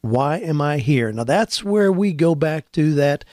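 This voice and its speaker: A man's voice: on the high side, expressive, measured pace, a little mellow, dry recording, studio quality. A man hosting a radio show, telling a story and then talking in a conversational way. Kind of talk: storytelling and casual radio talk.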